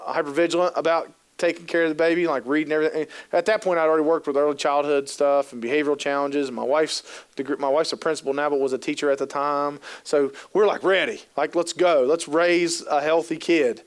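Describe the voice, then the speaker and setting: A man's voice: a little high, steady tone, brisk, clear, resonant tone. A man in his thirties giving a humorous talk to an audience, telling stories and acting out quoted voices between casual fillers. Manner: jokey, acts out quoted voices, lots of fillers. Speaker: keynote speaker on youth work. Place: conference hall.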